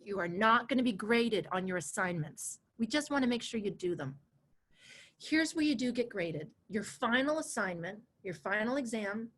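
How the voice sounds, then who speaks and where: A woman in her forties teaching a live online coaching class over a video call, chatty and animated, laughing easily and repeating herself. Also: fairly high pitch, moderate pace. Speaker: coach and course instructor.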